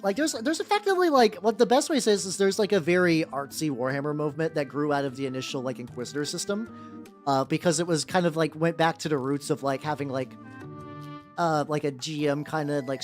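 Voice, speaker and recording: A streamer chatting casually with live viewers while painting miniatures, rambling and leaning hard on "like", with lots of restarts. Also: medium pitch. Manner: rambling, heavy use of 'like', frequent restarts. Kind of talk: casual livestream chat with viewers. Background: faint background music.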